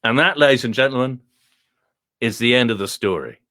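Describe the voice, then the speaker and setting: A man telling a comic story to an online group in a theatrical, animated way over a video call. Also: mid-range voice, fairly quick.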